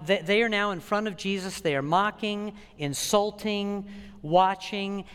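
High-voiced preacher in a reverberant hall. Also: male voice, clear, resonant tone. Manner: animated, emphatic preaching with dramatic pauses. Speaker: pastor. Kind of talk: sermon.

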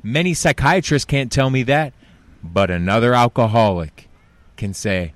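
A male host holding an interview, sharing personal stories in an earnest, animated way. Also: mid-range voice, unhurried, no room sound. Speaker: podcast host.

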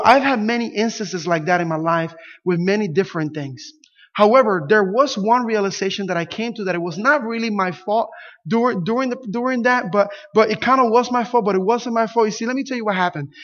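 Pastor, male, Spanish speaker, high voice, animated storyteller, lo-fi recording. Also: brisk. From Puerto Rico. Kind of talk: sermon with a personal story. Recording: dull lo-fi sound.

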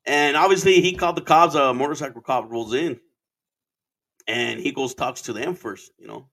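A man from Arizona, in his thirties, spins a loose, meandering anecdote in an everyday mid-pitched voice. He swears freely and slips Spanish phrases into his English as he goes. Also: moderate pace, gravelly, fairly bright tone. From Arizona, USA. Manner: rambling, profane, switches into Spanish phrases. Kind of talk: casual storytelling monologue.

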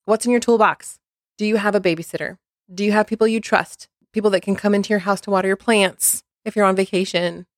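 A middle-aged woman co-hosting a podcast, chatty and animated, often breaking into laughs. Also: medium pitch, fast, no room sound, studio quality. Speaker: podcast co-host. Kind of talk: casual conversational advice.

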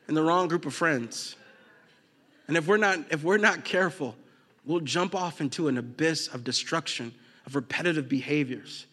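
A man preaching a sermon to his congregation, telling funny stories with shouted bursts, then dropping low and soft for serious points. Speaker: pastor.

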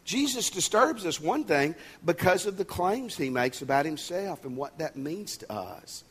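A man's voice: a little high, big pitch swings, measured pace, a bit bright, husky. A male pastor giving a sermon, conversational and emphatic, with folksy asides and jokes.

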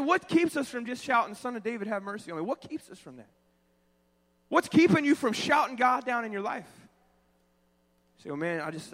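A man in his thirties, a pastor preaching a sermon, swinging between hushed pleading and loud shouting. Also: very high-pitched. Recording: long church reverb.

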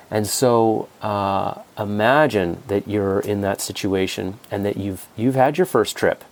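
A man's voice: lowish voice, darkish tone. A man speaking as a podcast guest and coach, rambling and repeating words in casual conversation. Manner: rambling, repeats words, acts out quoted voices.

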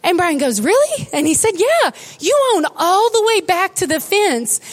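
A woman pastor preaching a sermon, telling stories with animated, emotional delivery that turns tearful at times. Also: very high voice, moderate pace.

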